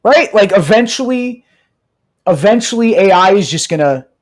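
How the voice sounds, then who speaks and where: A male podcast co-host in loose, casual chat. His pitch swoops up and down as he talks, and he swears freely, pressing his points hard and checking for agreement. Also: moderate pace. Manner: animated, profane, emphatic, keeps asking "right?".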